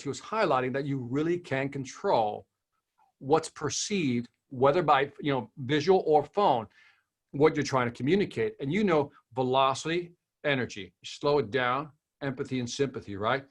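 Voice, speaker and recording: A man's voice: medium pitch, expressive, moderate pace. A man speaking as a sales trainer in an interview, emphatic, asking rhetorical questions and repeating phrases. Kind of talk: interview conversation.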